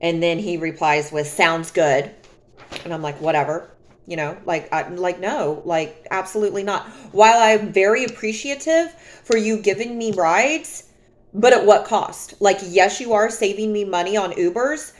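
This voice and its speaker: A woman vlogger calmly and emphatically retelling a personal story in a storytime monologue. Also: medium pitch, moderate pace. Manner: calm, emphatic, dramatic retelling.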